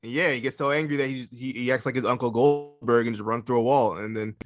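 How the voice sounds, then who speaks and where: A man co-hosting a wrestling podcast, chatting quickly with self-mocking jokes. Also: mid-range voice, fairly even intonation. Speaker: podcast co-host. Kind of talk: casual wrestling chat.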